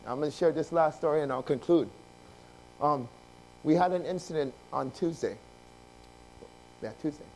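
A male pastor preaching a sermon, telling a personal story with lively acted-out dialogue, swinging between loud outbursts and hushed confession. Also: a little high, normal speed, pauses often, rough recording.

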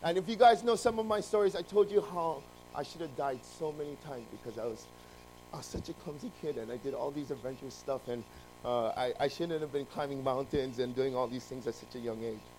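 A man preaching, telling a long story with lively ups and downs of loudness and frequent restarts. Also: medium pitch, a little fast, a little hiss or hum, poor audio. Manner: animated, jumping between loud emphasis and quiet asides. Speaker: pastor. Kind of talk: sermon with storytelling.

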